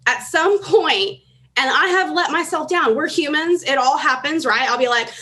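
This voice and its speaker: A woman's voice: high-pitched, normal speed, bright, forceful tone. A woman in her thirties speaking on a convention stage, emotional and earnest, building to urgent calls for commitment. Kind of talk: motivational stage speech. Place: large convention hall.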